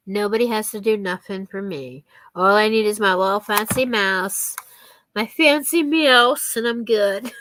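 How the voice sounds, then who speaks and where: A woman's voice: medium pitch, moderate pace, hardly any pauses, a bit bright, slight background noise. A woman chatting casually with viewers on a live stream, giggling often and thanking them by name.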